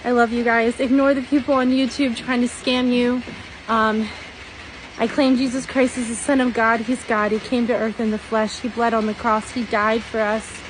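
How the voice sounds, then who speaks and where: High-voiced emotional woman sharing a dream. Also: flat delivery, normal speed, noisy background. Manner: tearful, laughing, earnest. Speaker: dream testimony vlogger. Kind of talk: emotional personal testimony.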